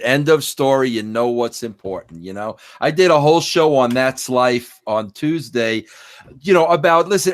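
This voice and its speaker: A middle-aged man chatting as a podcast guest, telling stories excitedly and calling everyone "bro". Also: mid-range voice. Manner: excitable, storytelling, says "bro" often. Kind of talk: casual podcast chat.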